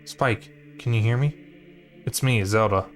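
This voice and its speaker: A man reading as a gentle young princess. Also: on the low side, unhurried, soft background music, natural voice. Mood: solemn.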